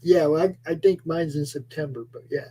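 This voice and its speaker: A man from Minnesota in a casual chat, talking in a gruff, dry and dismissive way. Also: fairly high pitch, fairly even intonation, a little fast, warm tone.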